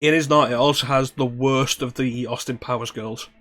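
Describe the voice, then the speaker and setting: A man's voice: medium pitch, fairly even intonation, normal speed, fairly bright tone. A man co-hosting a casual streamed chat, wry and joking as he plans a script reading. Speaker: podcast co-host.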